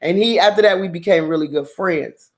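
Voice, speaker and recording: A woman host casually telling a story in a blunt, profane, animated way, with frequent laughter. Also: on the low side, brisk. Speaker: drama channel host.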